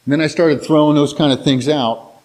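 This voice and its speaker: A man's voice: on the high side, fairly even intonation, a little fast, darkish tone, poor audio. A man preaching a casual, conversational sermon to his congregation in a folksy, rambling way, often restarting his sentences and acting out the people in his stories. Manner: folksy, rambling, many restarts and filler words; acts out quoted voices in storytelling.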